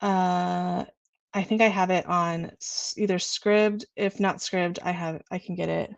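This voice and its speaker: A young woman from California hosting a casual livestream, chatting in a bubbly, gushing, excitable way. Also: on the low side, a little slow, vocal fry, dry recording. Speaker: livestream host.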